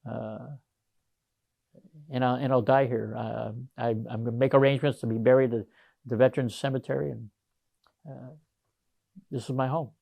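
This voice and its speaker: A man's voice: medium pitch, flat delivery, normal speed, creaky, pauses often, dark tone, no room sound. Older man, retired Marine, talks in long winding anecdotes; dry, close sound. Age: 60s. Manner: rambling, anecdotal, many fillers and restarts. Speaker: retired Marine gunnery sergeant, interviewee. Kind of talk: casual storytelling interview.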